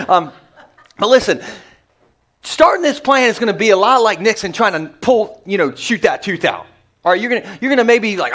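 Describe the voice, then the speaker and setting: A male pastor preaching to a church congregation in a joking, energetic manner with quick asides. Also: sits high. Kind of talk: humorous sermon. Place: church sanctuary before a congregation.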